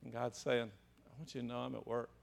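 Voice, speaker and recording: A man preaching a sermon to a small group, swinging from hushed, low passages to loud, rising exclamations and addressing the room directly. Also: level tone, fast, vocal fry.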